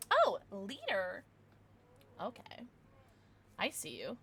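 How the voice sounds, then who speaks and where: A woman's voice: medium pitch, very animated, unhurried, pauses often, pushed and bright. A young woman, streaming a game and chatting casually with her viewers, rambling and swearing as she plays. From Midwestern United States. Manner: chatty, rambling, swears and reads chat aloud. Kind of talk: casual live-stream chat while gaming.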